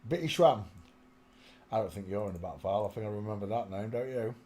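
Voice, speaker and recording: Speaking a little quickly in a fairly low, slightly mellow voice, a channel host runs his live stream from home through a small desk mic. He mumbles to himself, addresses his viewers, and occasionally breaks into a line of song.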